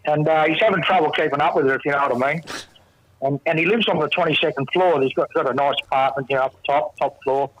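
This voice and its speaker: A man's voice: on the high side, fast talker, a bit bright, slight background noise. An Australian man calling in, telling a joke in a laid-back, rambling way. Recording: muffled phone line.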